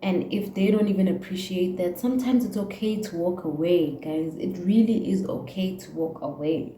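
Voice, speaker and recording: A young woman with a South African accent speaks in a mellow, dark voice, preaching from the heart to her viewers. Her words bounce around an echoey room with a faint hiss behind them. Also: fairly low pitch, normal speed. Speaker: YouTuber. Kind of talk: emotional casual rant to camera.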